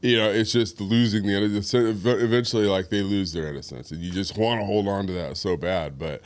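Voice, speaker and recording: Man, podcast guest, fairly low voice, reflective, agreeable. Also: a little fast. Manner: agreeable, reflective, many affirmations. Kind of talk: casual chat.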